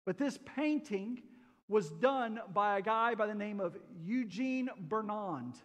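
A male pastor with a fairly high voice, preaching a folksy, joking sermon. He keeps asking the congregation questions. His voice carries the long reverb of a church sanctuary. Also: lively intonation, measured pace, fairly bright tone.

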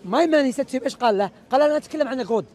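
A man's voice: very high-pitched, animated, racing, darkish tone. A man, a street preacher, arguing emphatically in an impromptu outdoor debate, mixing in religious Arabic phrases. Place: outdoors in a city park.

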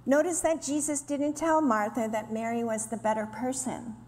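Speaking at a normal speed in a slightly high voice, a women's ministry speaker teaches earnestly at a women's gathering and dramatizes quoted complaints with lively voices. The hall sounds roomy with faint ambience and a little hiss or hum.

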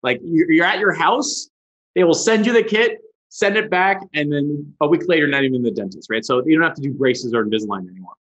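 A man guest on an interview, telling a story with lots of swing in his voice and acting out the people in it. His voice is husky and a bit high, and he swears casually. The sound is dull and lo-fi. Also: animated, fairly quick, fairly bright tone. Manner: acts out the other people in his stories. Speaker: guest, ad agency founder. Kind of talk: animated storytelling.

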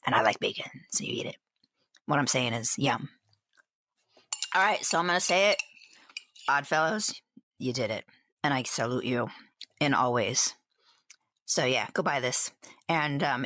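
A playful, chatty woman co-hosting a podcast with a low voice. She describes what she tastes with lively, casual humor. The sound is dry and close to the mic. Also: normal speed, pauses often, no echo. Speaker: podcast co-host. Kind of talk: casual chat, live taste test.

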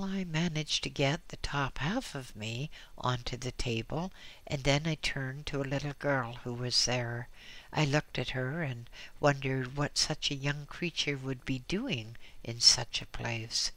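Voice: mid-range voice, pushed and bright. A reader narrating a first-person memoir with dry, wry asides. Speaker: audiobook reader.

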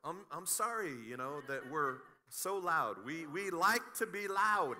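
A middle-aged man pastor preaching a sermon, animated and joking, with frequent restarts. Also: a little high, moderate pace, few pauses. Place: church sanctuary.

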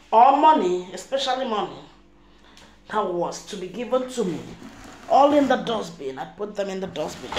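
A woman's voice: mid-range voice, background noise. A middle-aged woman with a Nigerian accent, giving an emphatic, rambling spiritual monologue to camera as a vlogger. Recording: echoey room.

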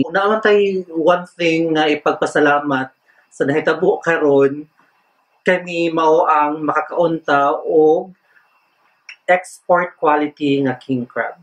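A man's voice: fairly high pitch, moderate pace, rough recording. A man in his thirties with a Cebuano Filipino accent, hosting a mukbang vlog from home and switching eagerly between English and Cebuano. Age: 30s. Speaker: vlogger.

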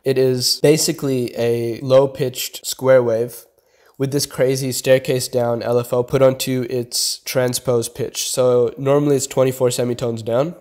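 This beat producer is a young man with an unhurried, level, mid-range voice and a mellow, laid-back manner. He walks through his tutorial step by step in a casual voice-over, leaning on "kinda" and "like," while a beat hums faintly underneath.

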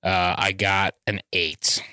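A man's voice: low voice, flat delivery, slow pace, pushed and bright. A man talking casually as a player in a tabletop game, joking and hesitant with many fillers.

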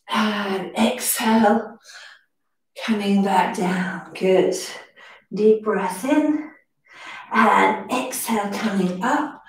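A young woman instructor guides a brisk pilates class, cueing each inhale and exhale in a high, unhurried voice. She sounds slightly winded as she counts down reps. Her voice rings in a very echoey room, picked up from some distance. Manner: breath-cued, encouraging counting. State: slightly out of breath.

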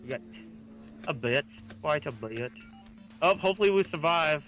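A young man chatting casually while playing a game, playful and excitable. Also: fairly high pitch, moderate pace, music in the background. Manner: playful, excitable, says silly things. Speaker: gaming guest.

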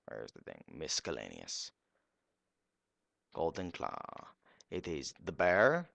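A young man giving goofy, excitable commentary while streaming a game live. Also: very deep voice, slow pace, gravelly, no echo.

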